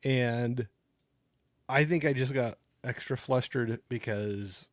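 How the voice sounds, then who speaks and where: A man's voice: medium pitch, slow, dry recording. A middle-aged man hosting a casual livestream from home, rambling easily, thanking viewers and reading the chat aloud on a new microphone. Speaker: livestream host. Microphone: new desktop microphone. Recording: dry, close microphone.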